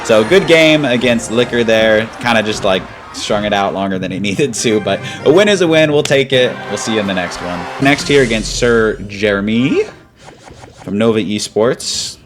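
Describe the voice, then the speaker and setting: A man with a slightly low voice talks through a match as he plays it, loose and casual, narrating each move. He gets loud and eager when a push comes together. Clear music runs underneath. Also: normal speed. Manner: casual, breaks into excited chanting at big moments. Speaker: gaming commentator. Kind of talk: live gameplay commentary. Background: background music.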